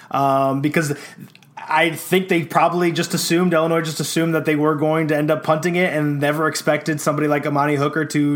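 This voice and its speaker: A man co-hosting a sports podcast, talking in an animated, jokey way. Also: a little high. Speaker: podcast co-host. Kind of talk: casual sports chat.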